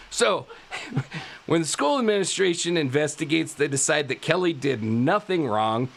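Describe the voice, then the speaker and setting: A male podcast host telling a true-crime story in a casual way, animated, laughing often and tripping over his words. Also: on the high side, moderate pace, vocal fry. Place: live podcast studio.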